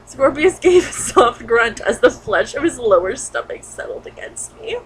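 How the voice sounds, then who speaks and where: A woman's voice: on the high side, big pitch swings, moderate pace, few pauses, background noise. A woman reading bad fan fiction aloud for laughs, often breaking into giggles and exasperated asides. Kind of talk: comedic dramatic reading with commentary.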